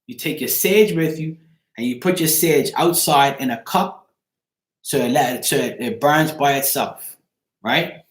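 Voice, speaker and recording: A man's voice: mid-range voice, unhurried. A man hosting a casual live chat, giving a viewer advice in an emphatic, repetitive way, swearing freely and checking in with "right?" again and again. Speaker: host of a live chat show. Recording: echoey room.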